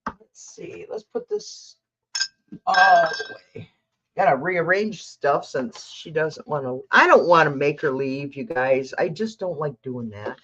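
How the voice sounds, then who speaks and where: Older woman, casual livestream host, unhurried, pitch rising and falling, muffled lo-fi sound. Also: sing-song, fairly bright tone, slightly rough. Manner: chatty, reads out viewer comments, talks to her cat.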